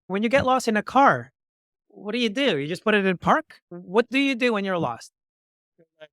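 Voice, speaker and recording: A man's voice: sits high, normal speed, no room sound, clean studio sound. A man hosting a talk show, telling stories with acted-out dialogue and speaking in motivational metaphors. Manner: acts out both sides of remembered dialogues with lively shifts. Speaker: podcast host. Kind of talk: animated storytelling in conversation.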